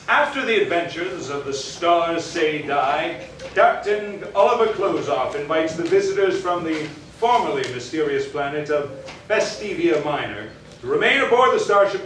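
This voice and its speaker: A man's voice: on the high side, a bit bright, slight background noise. A man narrating scenes of a live sci-fi spoof on stage with a mock-dramatic storyteller's manner. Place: small theater stage. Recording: very echoey theater, distant mic.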